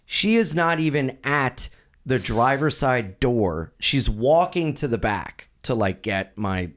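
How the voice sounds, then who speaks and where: A man who is a comedian guest on a studio podcast, telling a story in an animated, profane way and quick to flare up. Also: mid-range voice.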